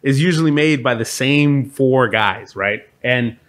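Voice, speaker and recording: A man's voice: mid-range voice, a little slow, fairly bright tone. A man co-hosting a casual podcast, joking easily and laughing as he talks about leading worship. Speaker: podcast co-host and worship leader.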